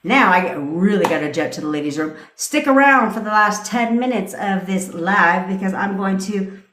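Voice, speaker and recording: A woman's voice: medium pitch, moderate pace, a bit bright, slight background noise. Woman coach hosting a phone livestream, brash, profane and commanding, echo from the room. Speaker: manifestation coach. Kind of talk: livestream pep talk. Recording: echoey room.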